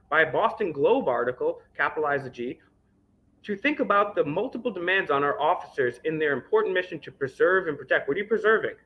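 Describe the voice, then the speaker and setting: An indignant man rants through a stack of documents, his fairly high voice leaping up and down with sarcasm as he swears freely. The dull, lo-fi recording takes the edge off his voice. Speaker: independent news vlogger. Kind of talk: ranting commentary reading documents aloud.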